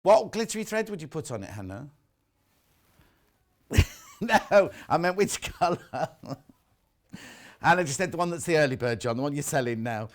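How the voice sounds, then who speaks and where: A man's voice: on the high side, very animated, normal speed, long pauses. A British man presenting a live shopping show in a windowless studio, chatting and reading out viewer messages.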